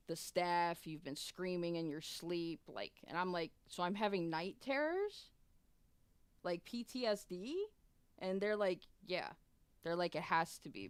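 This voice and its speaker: A woman's voice: on the low side, smooth, dry recording. A young adult woman streamer telling a long personal story in casual, profane, rambling chat with many restarts.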